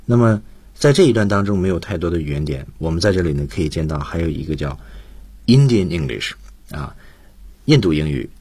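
A man's voice: low voice, expressive, fairly quick, darkish tone, slightly rough, dry recording. A man teaching English on the radio, patiently explaining and repeating key points in a bilingual lesson.

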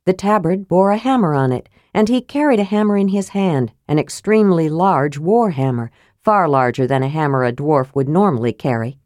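A woman narrating a fantasy audiobook in a steady, measured reading voice, close to the mic. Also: sits low, no echo.

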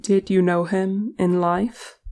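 A reader voicing a wary male elf with a dry sense of humor, who speaks in a measured, careful way. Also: medium pitch, steady tone, creaky, darkish tone.

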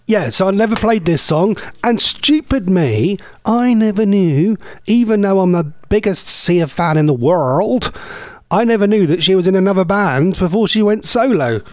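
A man's voice: high voice, animated, normal speed, no echo, clean studio sound. A middle-aged man hosting an internet radio show, rambling and self-mocking in a casual DJ chat. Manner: rambling, chatty, self-mocking, laughs at own jokes. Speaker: radio host.

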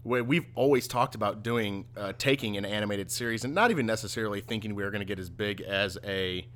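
A man co-hosting a laid-back conversation, his voice sitting somewhat low. He often stumbles into sentences before settling. The delivery is easygoing and unscripted. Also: fast talker. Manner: relaxed, stumbling starts. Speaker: podcast co-host. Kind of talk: casual chat.

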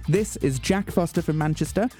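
Mock-grand mellow radio host man. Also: on the high side, moderate pace, faint music behind. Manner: mock-grand, earnest announcer delivery. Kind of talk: deadpan comic radio presenting. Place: community radio studio.

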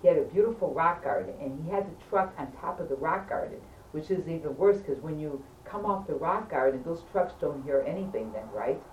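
A woman telling a casual story to friends in an animated, emphatic way, often checking in with her listeners. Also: deep voice, a little fast, hardly any pauses, highs cut off. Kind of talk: casual anecdote. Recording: roomy, distant, faint background hum.

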